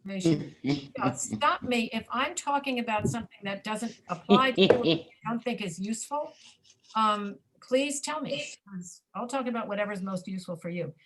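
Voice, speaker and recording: A woman's voice: mid-range voice, expressive, normal speed, noisy background. A woman teaching a pronunciation class over a video call, demonstrating reduced speech and often checking that students understand.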